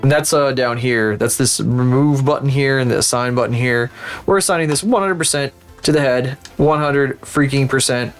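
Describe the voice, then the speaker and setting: A man's voice: mid-range voice, normal speed, clean tone, soft background music. A man streaming live, chatting casually and with lots of swearing while he works through 3D rigging and talks to his viewers. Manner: profane, rambling, sarcastic, talks to viewers.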